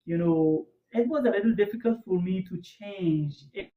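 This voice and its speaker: Male interview host; halting and word-searching; thin phone-like line in an echoey room. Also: high-pitched. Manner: halting, searching for words, many restarts. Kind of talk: casual interview chat.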